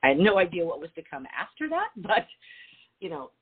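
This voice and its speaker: A woman with a lowish, husky voice, talking in a reflective, affirming way. The sound is thin and tinny, like a phone line. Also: sing-song, fairly quick. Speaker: host. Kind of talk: casual podcast chat.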